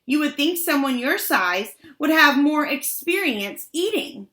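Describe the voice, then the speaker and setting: Woman voicing a sneering schoolgirl, bored, high voice, bright, audiobook. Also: big pitch swings, measured pace, roomy sound, heavily acted. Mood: snide. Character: snide bored fifth-grade girl.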